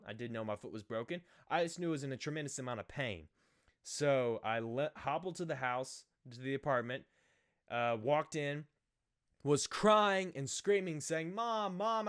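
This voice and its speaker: Animated young man telling a story. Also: fairly high pitch. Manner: animated, self-mocking, acts out quoted voices. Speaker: vlogger. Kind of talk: casual storytelling.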